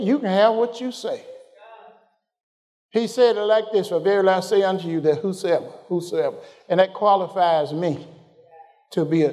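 High-voiced preacher in a hall. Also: male voice, a little mellow. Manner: call-and-response, questioning the congregation; drawls scripture slowly, rising in pitch as he builds. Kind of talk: sermon.

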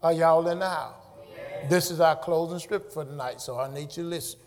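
Middle-aged male pastor, high voice, fervent sermon delivery with call-and-response, reverberant sanctuary. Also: a little fast. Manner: preaching with rising shouts and call-and-response. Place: church sanctuary.

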